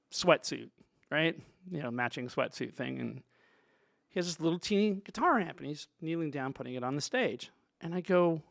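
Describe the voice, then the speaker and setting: Man, sound engineer, rambling storyteller, middle pitch, dry close sound. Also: vocal fry, no room sound. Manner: rambling, full of "you know" asides. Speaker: sound engineer, show guest. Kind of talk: storytelling in a conversation.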